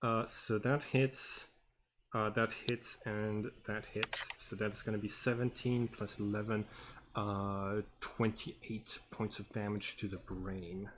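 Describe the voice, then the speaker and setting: A man running a tabletop game as game master, talking haltingly with many fillers and humming to himself. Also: lowish voice, flat delivery, fairly bright tone, a little hiss or hum. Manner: halting, full of fillers, hums while working.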